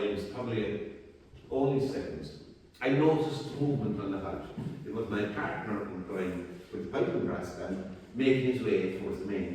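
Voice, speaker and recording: A man with an Irish accent telling a story on stage in a live one-man show, swinging between loud and hushed and often repeating himself. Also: lowish voice, a little hiss or hum. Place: stage in a hall. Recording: echoey hall, mic far off.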